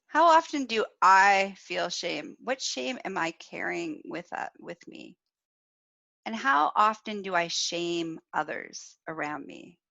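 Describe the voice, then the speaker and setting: A slow, frank woman host. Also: mid-range voice, sharp tone, no room sound, lo-fi sound. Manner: frank and direct, laughs between points. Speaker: podcast host and sexual wellness coach. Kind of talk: casual spoken teaching, live.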